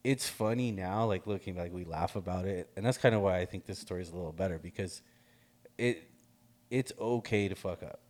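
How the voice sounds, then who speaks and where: Low-voiced man telling a rowdy story. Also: a little fast. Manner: animated, laughs often, swears freely, acts out quotes. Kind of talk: casual storytelling chat.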